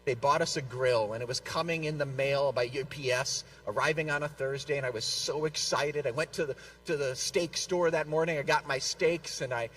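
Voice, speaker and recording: A man giving a lively, self-deprecating storytelling talk to a live audience at a convention, often stammering over repeated words. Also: mid-range voice, normal speed, distant mic, a little hiss or hum, low-quality recording. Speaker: convention speaker. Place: large convention hall.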